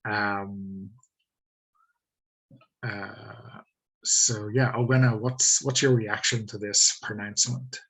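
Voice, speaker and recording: A man's voice: fairly low pitch, steady tone, slow, long pauses, a bit bright, slightly rough, low-quality recording. A man running a tabletop game over a video call, hesitant with many ums. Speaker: game master.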